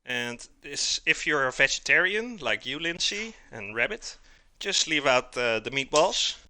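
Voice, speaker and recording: A man's voice: mid-range voice, sing-song, unhurried, pushed and bright, dry recording. A man hosting a live cooking stream, chatting casually and calling his viewers "guys" as he cooks.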